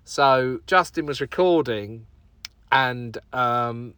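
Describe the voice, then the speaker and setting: A man's voice: mid-range voice, slow, bright, forceful tone, clear, resonant tone, dry recording. A man hosting a podcast on his own, chatting in a rambling, self-deprecating way and swearing casually. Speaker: podcast host. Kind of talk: casual solo podcast chat.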